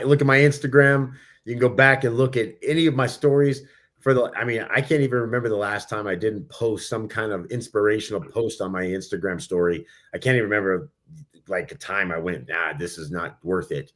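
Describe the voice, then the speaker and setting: A man's voice: on the low side, a little fast, fairly bright tone. A man co-hosting a live podcast, speaking earnestly in casual chat. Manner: earnest, talks about inspiring people. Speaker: podcast co-host.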